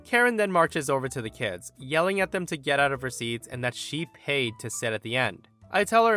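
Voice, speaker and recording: A male podcast host reading internet stories aloud with an animated, expressive delivery. His voice is bright and sits a little high, and it swings widely in pitch. Soft music plays faintly underneath. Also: fairly quick, hardly any pauses. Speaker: story narrator and podcast host.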